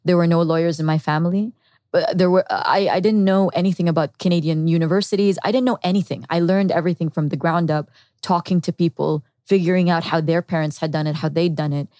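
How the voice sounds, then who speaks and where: Podcast guest, woman, lower voice, earnest and reflective storyteller, dry close sound. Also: steady tone, fast, warm tone, no room sound. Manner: earnest and reflective, with quoted inner thoughts. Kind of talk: candid personal storytelling.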